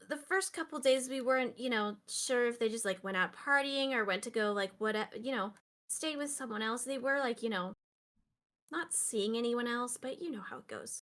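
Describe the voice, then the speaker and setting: A woman voicing a worried, unseen person talking in hushed, hesitant tones in a hallway. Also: a little high. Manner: hushed, hesitant, filler-heavy.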